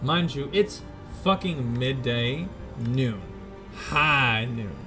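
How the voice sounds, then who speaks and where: Guy dm-ing a tabletop game, super slow descriptive narration, lots of ums, faint music behind. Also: medium pitch, expressive. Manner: slow, descriptive, with fillers and self-corrections. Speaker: game master.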